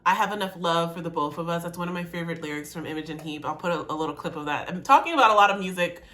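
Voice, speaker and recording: A woman's voice: on the low side, very fast, a bit bright. A woman poet reacting to a song in a casual video, emotional and repeating her phrases.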